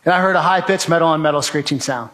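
A man with a somewhat high voice tells a gripping personal story to an audience. He speaks earnestly and acts out what he shouted at the time. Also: quick pace. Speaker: speaker telling his survival story. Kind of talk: testimony talk to an audience.

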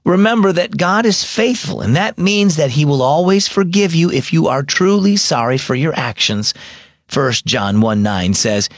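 Lively male children's story narrator. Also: mid-range voice, no echo, studio quality. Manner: bright, expressive storytelling. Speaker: host and narrator.

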